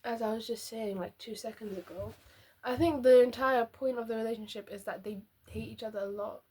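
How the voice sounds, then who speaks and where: A woman's voice: a little high, steady tone, brisk, warm tone, slightly rough. A young woman chatting casually as a book vlogger, rambling and giggly as she reacts.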